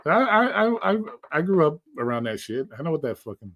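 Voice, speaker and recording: A man hosting a casual livestream chat, telling profane, animated stories about his past. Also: on the high side, brisk, a crowd in the background. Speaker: host. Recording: livestream call audio.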